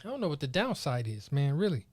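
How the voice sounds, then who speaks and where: A man hosting his own podcast solo, chatting casually in animated, slangy riffs. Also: a little high, fast talker. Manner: animated, slangy, playful riffing. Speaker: podcast host.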